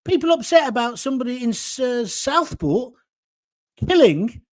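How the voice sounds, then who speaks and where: A man's voice: very high voice, very animated, moderate pace. A middle-aged man giving a sarcastic, indignant political rant as an online commentator. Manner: slips into mocking impressions. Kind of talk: ranting political monologue.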